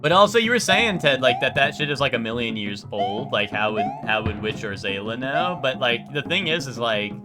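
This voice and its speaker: A man streaming a video game, chatting casually and rambling with chat, swearing and often jumping up in pitch when excited. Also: normal speed, few pauses, music in the background.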